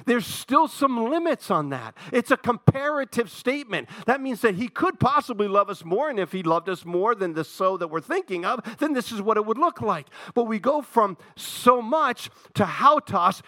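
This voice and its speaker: A man preaching a sermon, rising to loud emphatic peaks, then dropping to low quiet asides, repeating phrases for emphasis. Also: lively intonation, normal speed, few pauses, dry recording, studio quality. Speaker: pastor.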